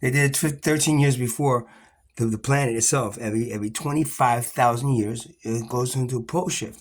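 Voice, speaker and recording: A man's voice: mid-range voice, fairly quick. A man ranting in an agitated, rambling, profane monologue to camera, full of restarts.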